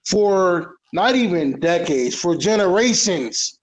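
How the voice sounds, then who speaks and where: A man's voice: high voice, animated, slow pace, low-quality recording. A man from Detroit and Houston, co-hosting a podcast in casual, profane, emphatic chat. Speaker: podcast co-host.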